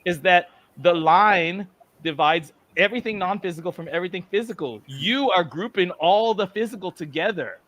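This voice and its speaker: A man's voice: high voice, normal speed, few pauses, a bit bright, dry recording. A man in a heated live podcast debate, insistent and profane, pressing hypotheticals to make his point. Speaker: open podcast participant.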